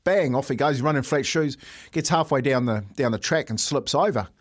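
A man in his thirties co-hosting a sports breakfast show, an animated storyteller who says mate a lot. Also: medium pitch, normal speed. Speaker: sports radio co-host, former player. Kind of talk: casual sports chat, storytelling.

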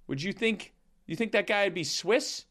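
A man putting on a low, deadpan, halting comedian voice to tell a rambling joke about being teased. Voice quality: deadpan, drawling, halting with restarts. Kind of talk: comedian impression bit.

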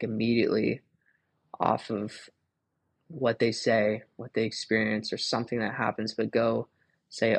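A man's voice: medium pitch, creaky, husky, no room sound. A young man hosting a casual devotional podcast, talking and reading Bible verses in a chatty way, laughing often and filling his speech with "like" and "um". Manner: chatty, laughing, full of fillers like "like" and "um". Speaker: podcast host.

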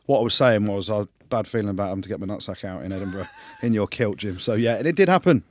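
A man's voice: fairly low pitch, animated, racing, darkish tone, a little hiss or hum. A man co-hosting a podcast, trading wry, teasing comebacks in casual banter. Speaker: podcast co-host.

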